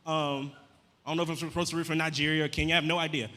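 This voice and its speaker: Guy doing standup, quick and bright, deadpan, big reverby club. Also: fairly high pitch. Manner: deadpan, chatty crowd work with casual slang. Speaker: stand-up comedian. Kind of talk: stand-up comedy set. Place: comedy club stage. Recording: live venue with long reverb.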